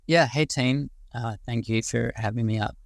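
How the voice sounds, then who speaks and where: A man's voice: medium pitch, normal speed, gravelly, no echo. A man in his forties with an Australian accent, a guest speaker in a casual live audio discussion, ranting passionately and rambling with some casual swearing.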